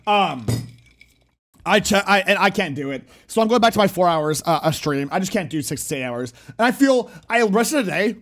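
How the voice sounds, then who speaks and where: A young man streaming live, excitedly reacting to a video and chatting with viewers. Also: high voice, moderate pace. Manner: excitable, talks to chat, frequent loud laughs.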